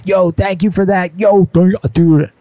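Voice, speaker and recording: A man's voice: high-pitched, level tone, a little slow, mellow, no room sound. A man hosting a live prank call show, folksy and mock-indignant, saying "y'all" often. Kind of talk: live-streamed prank calls and chat.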